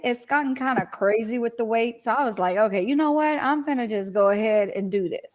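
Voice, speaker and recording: A woman chatting casually on a live video call panel, rambling and correcting herself as she talks. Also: a little high. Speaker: panelist on a live online talk show. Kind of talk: casual live-stream chat.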